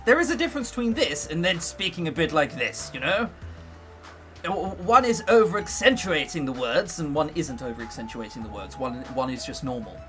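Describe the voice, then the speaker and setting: A man's voice: fairly high pitch, lively intonation, moderate pace, a bit bright, faint music behind. A young English man chatting on a casual livestream, joking and self-mocking. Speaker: streamer.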